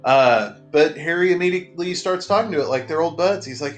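A man's voice: a little high, fairly quick, soft background music. Sarcastic man recapping a movie. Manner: sarcastic, joking asides. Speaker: podcast host recapping a movie. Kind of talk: casual comedic recap.

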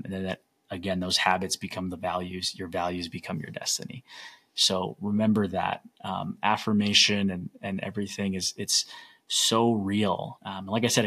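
A man's voice: low voice, creaky, sharp tone, husky. A young man hosting a solo podcast, telling stories in an earnest, rambling way. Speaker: podcast host.

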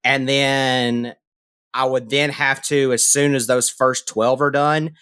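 A man hosting a podcast in casual chat, animated and jokey with mock-dramatic flair. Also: mid-range voice, takes it slowly, clear, resonant tone, no echo, clean studio sound. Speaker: podcast host.

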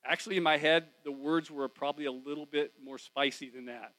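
A male pastor preaches in church and tells a personal story in a relaxed, conversational way. His voice is bright and forceful and sits a little high. He drops to near whispers and then rises again. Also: a little fast, poor audio. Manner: conversational, wide swings from loud to hushed. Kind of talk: storytelling sermon.

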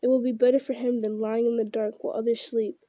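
A woman reading aloud voices a commanding old wizard, grave and measured. The voice sits a little high, with a very mellow, warm tone and a dry, close sound. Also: flat delivery, no room sound, lo-fi sound, lightly acted. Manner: grave, measured delivery that rises to urgent cries. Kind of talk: reading a fantasy novel aloud.

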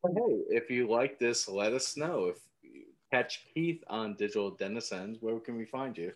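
A man's voice: on the low side, expressive, normal speed. A man co-hosting a podcast, chiming in with his own side story and closing the show in casual chat. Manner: chimes in with side stories, signs off the show. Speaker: podcast co-host.

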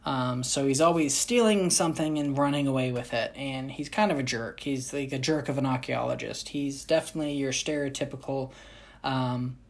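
A woman's voice: very deep voice, normal speed. A young woman vlogger chatting casually, rambling with frequent restarts and self-corrections. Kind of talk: casual chat.

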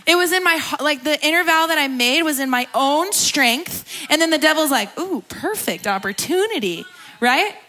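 A woman's voice: sits high, moderate pace, hardly any pauses, pushed and bright. A young woman sharing a candid personal testimony at a church gathering, talking casually and laughing often as she preaches. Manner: candid, conversational, laughs often, tearful at times. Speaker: guest speaker at a church gathering.

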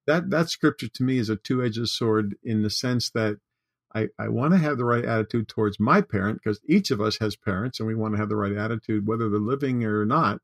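A man's voice: lowish voice, fairly quick, no echo, studio quality. An older man talking as a podcast guest, earnest and heartfelt, in casual conversation. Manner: warm-hearted, earnest, tearful at times. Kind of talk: casual chat.

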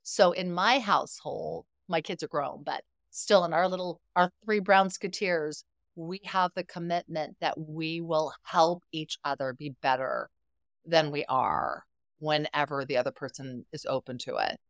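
A woman's voice: low voice, unhurried, dry recording, studio quality. A middle-aged woman guest on a podcast, telling stories expressively and acting out quoted dialogue. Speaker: guest, therapist. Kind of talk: podcast conversation.

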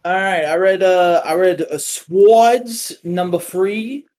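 A man chatting casually about comics on a podcast, offhand and quick to swear. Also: high voice, steady tone, darkish tone. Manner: swears freely, rambling and offhand. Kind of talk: casual chat.

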